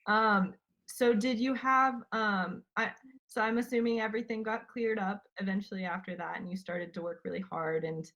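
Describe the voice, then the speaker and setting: A woman's voice: medium pitch, steady tone, normal speed, fairly bright tone. A woman hosting a casual interview, hesitant with many fillers. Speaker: host. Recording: dull lo-fi audio.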